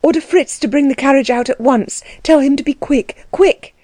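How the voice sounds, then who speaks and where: A woman's voice: high voice, moderate pace, mellow, no room sound, pitched above the performer's own voice, close to an everyday voice. A woman voicing a frantic, impulsive young woman with an urgent, pleading delivery.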